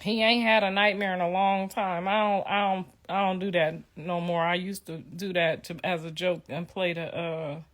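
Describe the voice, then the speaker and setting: Laughing as she goes, this middle-aged livestream host swaps crude stories with her viewers in a relaxed way. She has a lowish, fairly bright voice with fairly even intonation, speaking at a normal pace with hardly any pauses.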